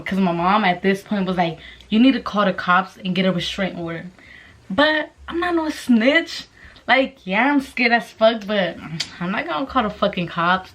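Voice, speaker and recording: Animated, profane young woman telling a story. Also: on the low side. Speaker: vlogger. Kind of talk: casual storytime vlog.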